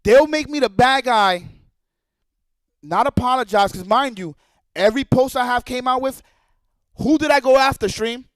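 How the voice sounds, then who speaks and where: A man's voice: very high voice, normal speed, long pauses, dry recording. A man streaming live, ranting in a profane, heated and repetitive way. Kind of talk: livestream rant.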